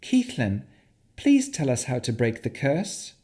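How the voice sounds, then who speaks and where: A woman's voice: rumbling low, big pitch swings, measured pace, mellow, voice pushed up, full character voice. A male narrator voicing a composed young female warlock who speaks steadily and firmly.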